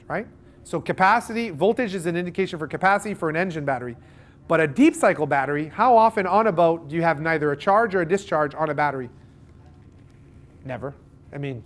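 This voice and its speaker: Canadian male seminar presenter, slightly high voice, animated, fond of analogies. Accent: Canadian English. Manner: animated, uses everyday analogies and acted-out dialogue. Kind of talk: live boat show seminar talk. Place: boat show seminar room.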